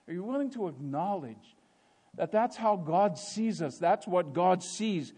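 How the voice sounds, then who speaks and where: A preacher with a high voice delivers a sermon. He leans on rhetorical questions and moves from hushed storytelling to loud emphasis. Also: animated, measured pace, breathy edge.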